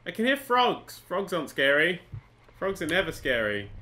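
A gaming channel host delivers let's play commentary in a high voice with big pitch swings, a sharp tone and a moderate pace. He's jumpy as he plays, talks to himself and swears often.

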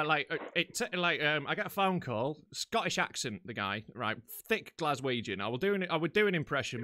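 A man's voice: medium pitch, sharp tone. A man, a comedian chatting from home over a video call, telling rambling, sweary stories full of fillers. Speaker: comedian host. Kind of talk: casual comedy chat.

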